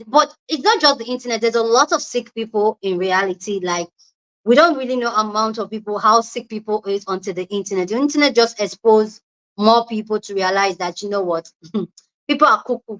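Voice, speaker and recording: A woman's voice: medium pitch, a little fast, fairly bright tone. A young Nigerian woman with a Nigerian accent hosting a casual live chat, greeting viewers by name and giving her opinions. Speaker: livestream host. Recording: lo-fi livestream audio.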